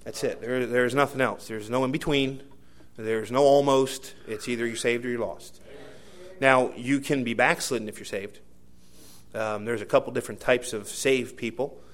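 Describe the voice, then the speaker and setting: A man preaching a sermon, telling a personal story with many fillers and restarts, moving between hushed asides and loud emphatic bursts. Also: medium pitch, fairly even intonation, normal speed. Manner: rambling anecdotal delivery with many fillers and restarts.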